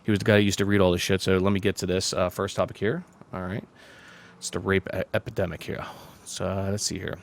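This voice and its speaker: A man's voice: low voice, flat delivery, fast, vocal fry. A man hosting a podcast in casual chat, reading a news article aloud with frequent stumbles and swearing. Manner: loose and profane, stumbles over words while reading. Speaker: podcast host.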